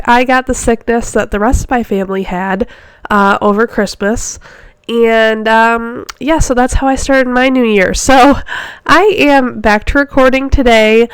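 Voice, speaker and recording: A woman with a fairly high voice hosts her own podcast from a home office, chatting in a loose, rambling way. Her voice is smooth and clear but stuffy and nasal from a cold, and she runs a bit short of breath. The sound is dry and close, with no room echo. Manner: chatty and rambling, many fillers. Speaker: podcast host and fitness coach. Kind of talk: casual solo podcast chat.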